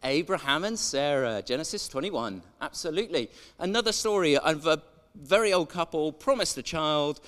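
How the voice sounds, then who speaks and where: A man's voice: on the high side, lively intonation, moderate pace, hardly any pauses, fairly bright tone. A man preaching a sermon in a chatty way, drawing in the congregation with questions. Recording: echoey church hall.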